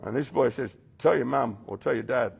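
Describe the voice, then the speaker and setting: Man, very gravelly and husky, blunt rehab speaker who calls out his listeners directly. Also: mid-range voice, moderate pace. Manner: blunt, addresses listeners directly, acts out quoted voices. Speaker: rehab program leader speaking to residents. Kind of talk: confronting motivational talk.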